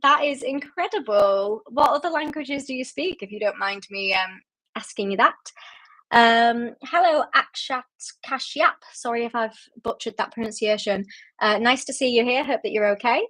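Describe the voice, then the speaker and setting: A woman's voice: on the high side, moderate pace, bright, forceful tone. A woman hosting a book club livestream, chatting casually and rambling, reading out viewer comments and laughing at herself.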